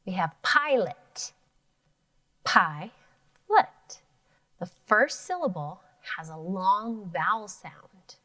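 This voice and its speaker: A woman's voice: mid-range voice, very animated, slow, pushed and bright. A woman teaching an elementary phonics lesson, sounding out words syllable by syllable.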